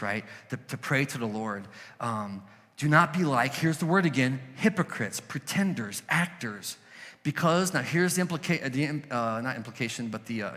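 A man's voice: mid-range voice, bright, forceful tone, in a large hall. A man preaching a conversational sermon as a pastor, telling stories and acting out quoted voices.

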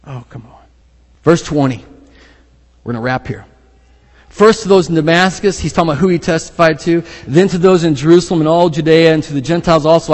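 A middle-aged pastor preaching with energy, breaking into laughs and pressing his points home. His voice sits a little high for a man. It rings out with the long reverb of a large hall. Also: a little fast. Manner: animated preaching, laughs, reads scripture aloud. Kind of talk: sermon.

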